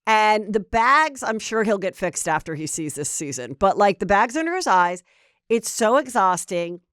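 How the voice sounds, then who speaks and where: A woman's voice: mid-range voice, lively intonation, moderate pace, fairly bright tone, clear, resonant tone, dry recording, clean studio sound. A woman hosting a podcast, chatting in a blunt, gossipy way with lots of fillers. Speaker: podcast host. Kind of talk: gossipy casual chat.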